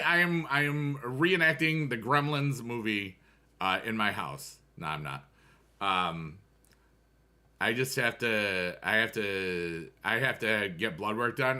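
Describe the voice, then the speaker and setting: During a gaming livestream, a rambling, talkative man chats with his audience and slips in hummed melodies between topics. His voice sits on the low side and sounds bright and forceful.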